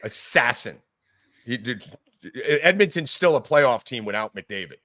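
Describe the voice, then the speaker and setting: A loud man hosts a sports betting podcast, ranting and cursing as he argues his point. His voice jumps all over the place and cuts through bright and forceful. The sound is dry and close. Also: mid-range voice, animated, unhurried, dry recording. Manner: loud, profane, emphatic ranting. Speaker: podcast host.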